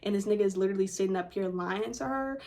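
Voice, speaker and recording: A woman's voice: medium pitch, quick pace, creaky, a little mellow. Young woman, storytime vlog host, blunt, swears a lot, mid-range voice, chatty to viewers. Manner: blunt, profanity-heavy storytelling addressed to viewers.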